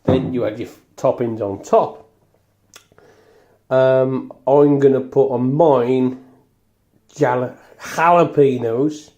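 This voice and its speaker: A man's voice: mid-range voice, mellow. Joking West Midlands man cooking, echoey kitchen. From Wolverhampton. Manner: jokey, rambling, swears casually. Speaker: home cooking video host. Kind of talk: casual cooking demonstration. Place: home kitchen.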